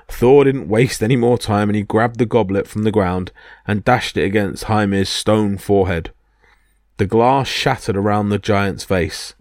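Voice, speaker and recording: Low-voiced man narrating myths. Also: steady tone, moderate pace, darkish tone, no room sound, studio quality. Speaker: podcast storyteller. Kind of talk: scripted story narration.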